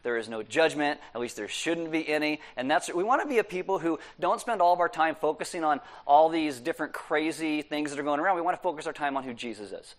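A man's voice: on the high side, animated, quick pace, few pauses. A man giving casual church announcements as pastor to the congregation, in an easygoing, joking way. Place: church service room.

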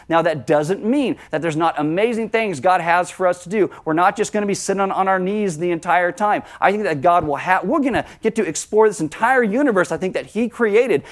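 A middle-aged man preaching a sermon as pastor, conversational, with lively asides. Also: high-pitched.

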